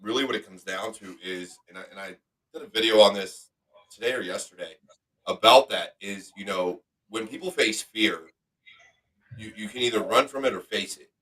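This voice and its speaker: A man's voice: on the low side, moderate pace, fairly bright tone, distant mic, rough recording. A man hosting a podcast in casual chat, talking emphatically and motivationally and swearing freely. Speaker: podcast host.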